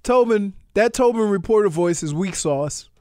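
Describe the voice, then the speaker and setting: A man's voice: high voice, expressive, normal speed, a little mellow, dry recording, clean studio sound. A man co-hosting a radio sports show, reading listener texts and teasing with frequent laughs.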